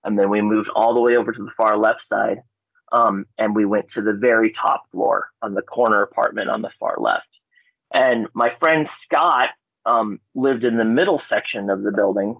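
A man from Alaska, a podcast guest, telling ghost stories in a casual way, with lots of fillers and animated quotes. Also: moderate pace, gravelly, dry recording. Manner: animated, acts out quotes with loud high-pitched voices; laid-back, frequent fillers and swearing. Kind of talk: casual storytelling. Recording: dull lo-fi podcast audio.

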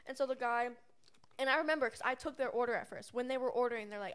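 A woman's voice: fairly high pitch, quick pace, a bit bright, clear, resonant tone. A young woman telling a rambling work story in casual chat as a podcast co-host. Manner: rambling, many fillers and restarts.

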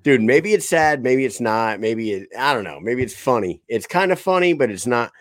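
A man's voice: mid-range voice, lively intonation, normal speed, no room sound, studio quality. A man co-hosting a casual podcast, swearing freely, laughing and mimicking his relatives. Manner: profane, laughing, mimics family members. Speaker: podcast co-host. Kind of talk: crude casual chat.

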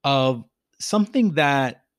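A man's voice: medium pitch, animated, slow, no room sound, clean studio sound. A man hosting a reflective business talk, speaking earnestly and repeating phrases for emphasis. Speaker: podcast host.

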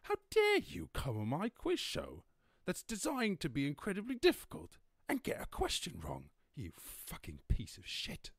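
A man's voice: high-pitched, wildly swooping pitch, normal speed, no room sound, clean studio sound, pitched above the performer's own voice, full character voice. A man doing an impression of a condescending older male quiz host, sneering and hurling insults.

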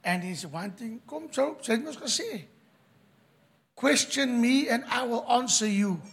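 A South African man preaching a sermon, mixing Afrikaans into his English and swinging from quiet asides to loud declarations. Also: very high-pitched, lively intonation, measured pace, creaky, husky.

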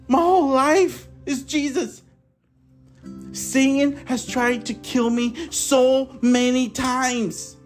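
A man hosting his own podcast, giving a fervent, repetitive testimony that swings between emphatic bursts and quiet asides. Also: extremely high pitch, fairly even intonation, extremely slow, long pauses, soft background music. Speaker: podcast host. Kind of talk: impassioned testimony preaching.

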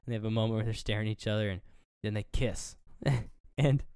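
Man, podcast co-host, casual movie recap, loose and profane, clear voice, dry close sound. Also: fast, dry recording. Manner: animated retelling, acts out quotes with pitch jumps; loose and profane, lots of fillers.

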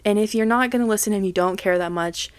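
A woman's voice: mid-range voice, fast talker, clear, resonant tone, no echo. A young woman hosting a casual solo podcast, talking emotionally and gushing, swearing freely. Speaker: podcast host.

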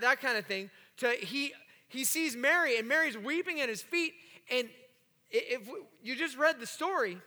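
A pastor preaching a sermon to his congregation, animated and joking with the room. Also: very high-pitched. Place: church sanctuary. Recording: long hall reverb.

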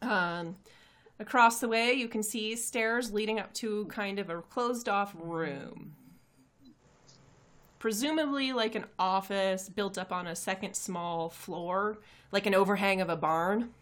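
A woman's voice: mid-range voice, a little slow, a bit bright. A woman running a tabletop game as game master, narrating descriptively and laughing easily.

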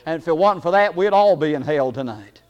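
A man's voice: animated, fairly quick, lo-fi sound. Folksy, chuckling man preaching a sermon. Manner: folksy, chuckling, with many hesitations; rises to loud, high emphatic bursts.

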